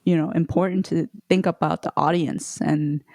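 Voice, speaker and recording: A woman co-hosting a podcast, asking questions in a relaxed, casual way. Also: sits low, moderate pace, creaky, no echo, studio quality. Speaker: podcast co-host. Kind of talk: casual chat.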